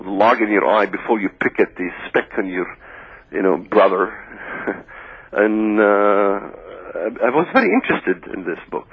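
Gravelly man on a phone line. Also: fairly low pitch. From Palestine. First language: Arabic. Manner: earnest storyteller who acts out quoted dialogue. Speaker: guest. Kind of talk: casual storytelling interview. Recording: tinny phone line on radio.

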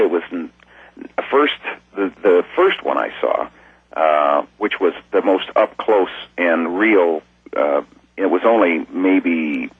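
A man's voice: deep voice, slightly rough, dry recording. Folksy man on a tinny phone line. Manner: folksy, rambling, animated when excited. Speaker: interview guest, musician. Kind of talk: casual storytelling.

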